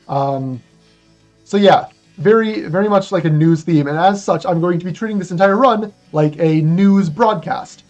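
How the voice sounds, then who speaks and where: A speedrunner introducing a run in a loose, rambling way, piling on fillers and asides. The voice sits at a middling pitch. The recording is slightly muffled and dull, with faint game music playing underneath. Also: moderate pace, a little mellow. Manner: rambling and chatty, with many fillers. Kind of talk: casual game commentary.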